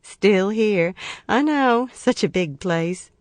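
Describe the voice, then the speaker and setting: A sweet, happy woman chats in a raised, cheerful voice, voiced by an audiobook narrator. Her lines sit well above the narrator's usual pitch. The recording is dry and close. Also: animated, takes it slowly, no room sound.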